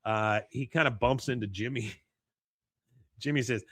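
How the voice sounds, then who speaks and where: A man hosting a podcast, casually recapping an episode in an animated way and often chuckling. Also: medium pitch, moderate pace, no echo. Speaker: podcast host.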